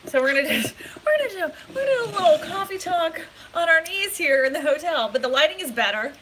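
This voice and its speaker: A woman's voice: extremely high pitch, lively intonation, fast, heavy background noise. A woman real estate agent chatting casually on a live stream from a hotel room, giggly and rambling, recorded on a phone. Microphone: phone camera.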